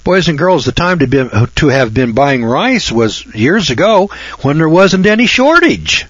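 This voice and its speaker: A man's voice: fairly high pitch, very animated, measured pace, a bit bright, no room sound, muffled recording. A man hosting a radio talk show, ranting in a folksy, sarcastic monologue that rambles and often restarts.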